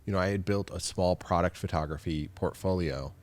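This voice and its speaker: A man's voice: low voice, fairly quick. A man talking as a photographer guest on a podcast, chatty, laughing often and acting out quotes. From United States. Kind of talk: casual podcast interview.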